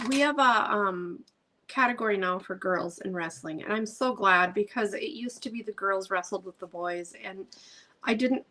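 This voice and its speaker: A woman's voice: mid-range voice, a bit bright, slight background noise, rough recording. A middle-aged woman, a craft channel host chatting casually while she paints, gushing storyteller with many ums.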